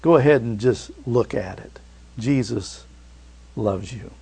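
A man preaches to his congregation with a gravelly edge in a middle-pitched voice. He swings between loud, urging lines and quiet, tender ones. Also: slow pace. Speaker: pastor. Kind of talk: sermon.

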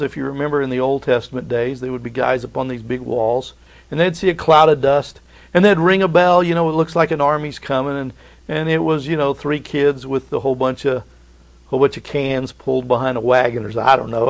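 A middle-aged man delivers a prophecy sermon with a gravelly edge to his voice. He preaches emphatically, leaning on repeated rhetorical questions and folksy asides. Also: medium pitch.

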